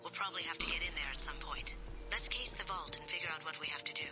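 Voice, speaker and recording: An actress voicing a sly female master thief who briskly lays out a heist plan. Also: low voice, over music, close to an everyday voice. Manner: brisk, confident planner, soft asides.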